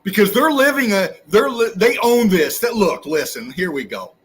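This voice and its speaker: A man's voice: high-pitched, animated, moderate pace, fairly bright tone, slightly rough. A man hosting his own channel, delivering an angry, profane, preachy rant straight at his viewers. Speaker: channel host. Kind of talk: angry ranting monologue.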